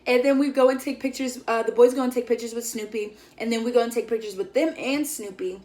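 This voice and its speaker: A woman's voice: fairly high pitch, quick pace, warm tone. A young woman vlogger telling a story in a casual, chatty way, full of "like" and acted-out quotes of her friends. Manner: chatty, filler-heavy, acts out quoted friends.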